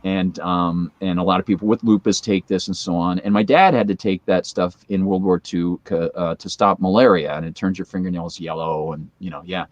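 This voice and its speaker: A man in his forties chats casually as a guest, spinning a long story with plenty of ums and side remarks. His voice sits on the low side and sounds dry and close, with little room around it. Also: steady tone, brisk, hardly any pauses, dry recording, lo-fi sound. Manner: rambling anecdotal storytelling with many fillers. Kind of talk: casual chat.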